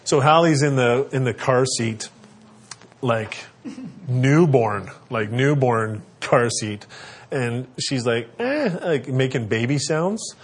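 A man's voice: mid-range voice, slow, a little hiss or hum. A middle-aged man giving earnest, conversational parenting advice with frequent fillers. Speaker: parenting speaker. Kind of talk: instructional talk.

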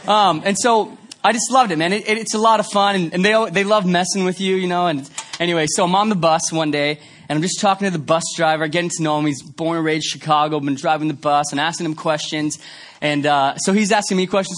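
High-voiced casual preacher. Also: male voice, fairly quick. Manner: conversational, animated storyteller, many fillers. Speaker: pastor. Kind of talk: sermon. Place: church sanctuary.

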